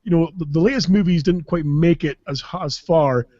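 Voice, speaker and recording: A man's voice: on the high side, normal speed, warm tone, no echo, dull audio. A man from Caithness with a Scottish accent, a podcast host telling rambling, sweary comic stories and laughing as he goes. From Caithness, Scotland. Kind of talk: casual comic storytelling.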